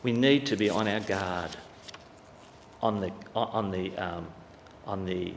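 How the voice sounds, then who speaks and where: A man preaching a sermon with great passion, swinging from loud declarations to hushed, quiet stretches. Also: low-pitched, takes it slowly, creaky, long pauses, a little hiss or hum. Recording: echoey hall with long reverb.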